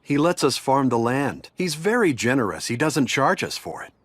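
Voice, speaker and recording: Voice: medium pitch, big pitch swings, moderate pace, husky, dry recording. A voice actor playing a guarded, suspicious village elder who speaks formally. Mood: wary. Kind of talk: anime dub acting.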